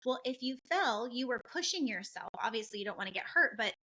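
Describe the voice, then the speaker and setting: A middle-aged woman from the western United States hosting a podcast, telling stories in a lively, candid and blunt way. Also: on the high side, brisk, crowd noise, poor audio. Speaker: podcast host. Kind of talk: casual chat.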